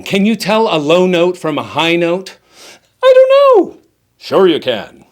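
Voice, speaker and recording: Middle-aged guy acting coach reading a teleprompter tip, bouncy up-and-down voice, kinda high, playful. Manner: lively, playful, emphatic delivery.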